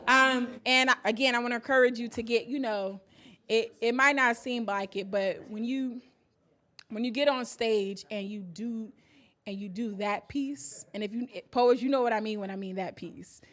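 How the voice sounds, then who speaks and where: A woman's voice: fairly high pitch, moderate pace. A woman hosting a poetry open mic on a cafe stage, talking casually and hyping up the crowd. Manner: lively, hypes up the crowd, casual slang.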